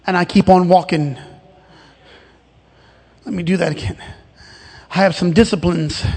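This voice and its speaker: A man with a strikingly high voice preaches a fervent sermon as pastor. He swings between ringing shouts and conversational rhetorical questions to his congregation. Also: fairly even intonation, unhurried, husky, in a large hall.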